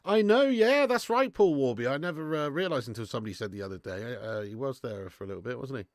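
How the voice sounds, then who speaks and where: A man's voice: mid-range voice, lively intonation, quick pace, dry recording, studio quality. A man in his thirties hosting a live football watch-along, chatting casually, swearing freely and answering viewers' comments. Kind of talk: casual live stream chat.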